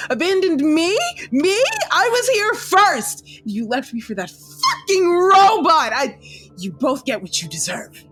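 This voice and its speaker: A woman's voice: very high-pitched, fairly bright tone, voice pushed up, full character voice. A woman voicing a grieving, unhinged woman who rambles and breaks into sobs in recorded logs. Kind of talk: tabletop role-play voicing.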